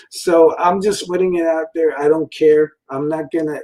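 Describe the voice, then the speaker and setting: A man's voice: a little high, fairly even intonation, unhurried, long pauses, warm tone, low-quality recording. A man in his forties giving a casual, meandering rant from a room at home, full of fillers and frequent chuckles. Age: 40s. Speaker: toy and cartoon reviewer.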